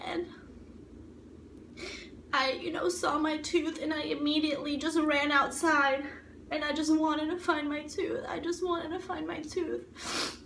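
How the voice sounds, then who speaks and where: A young woman telling her own story of abuse in an emotional, halting way, often repeating herself. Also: high voice, steady tone, fairly bright tone. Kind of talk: personal testimony. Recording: echoey room, mic at a distance, faint ambient noise.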